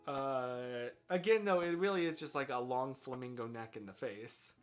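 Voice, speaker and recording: A man's voice: mid-range voice, moderate pace. An American man streaming live, chatting casually and thinking aloud in a rambling, self-deprecating way. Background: faint lo-fi music.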